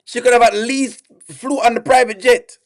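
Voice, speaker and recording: A man's voice: extremely high pitch, fairly even intonation, normal speed. A man reacting on a live stream, exasperated and pleading with his chat, repeating himself over and over.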